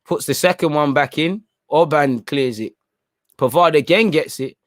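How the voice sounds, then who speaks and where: A young man hosting a live football watchalong, talking in an animated, slangy, opinionated way. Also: a little high, moderate pace, no echo, clean studio sound. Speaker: football channel host. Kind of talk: live match watchalong commentary.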